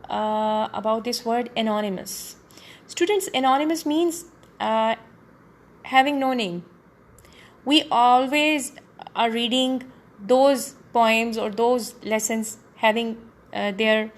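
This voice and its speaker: Woman teacher going over a poem, slow, lots of uh, kinda high voice. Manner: explains words step by step with many fillers. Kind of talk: classroom poetry lesson.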